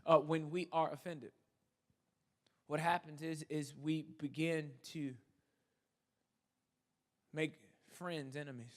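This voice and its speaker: A young man preaching a sermon from a church stage. He tells stories in a playful, animated way that builds in excitement. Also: fairly high pitch, slow, pauses often. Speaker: guest preacher. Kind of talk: sermon with storytelling.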